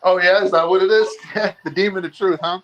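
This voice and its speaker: A man's voice: high voice, fairly even intonation, a little fast, fairly bright tone, dull audio. A man calling into a live podcast from home, arguing back in a sarcastic, defensive, challenging way. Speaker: guest on call-in. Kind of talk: heated live debate.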